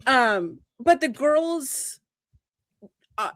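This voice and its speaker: A woman co-hosting a casual podcast, retelling a story with lively emphasis and the odd swear word. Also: high voice, very slow, no echo, studio quality. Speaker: podcast co-host. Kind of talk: casual chat.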